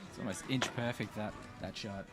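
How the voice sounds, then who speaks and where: A man from Melbourne, giving measured live colour commentary. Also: fairly low pitch, steady tone, music in the background. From Melbourne, Australia. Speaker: sports co-commentator.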